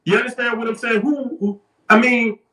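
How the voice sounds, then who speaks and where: A man's voice: very high voice, fairly even intonation, moderate pace, bright, forceful tone, roomy sound, distant mic. A man on a livestream in a heated, profane, confrontational rant, often repeating himself.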